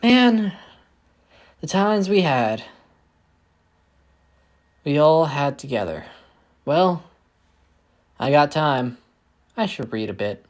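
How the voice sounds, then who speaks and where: A man's voice: on the high side, sing-song, slow pace, pauses often. A man voicing a weary heist-crew leader woman. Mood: nostalgic.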